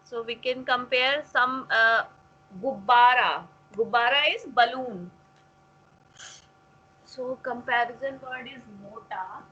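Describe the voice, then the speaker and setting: A woman tutoring a Hindi lesson one-on-one, patiently repeating words slowly so they can be pronounced. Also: on the high side, bright, forceful tone, lo-fi sound, slight background noise.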